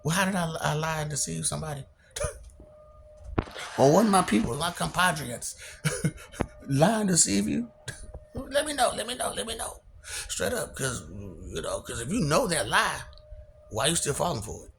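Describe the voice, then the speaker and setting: A young man with a soft, slightly raised voice talks in a loose, rambling monologue, breaking into laughter and answering imaginary listeners. His tone is gravelly and his pitch swings widely. Faint noise hums under the recording. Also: sing-song, moderate pace, long pauses. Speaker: vlogger.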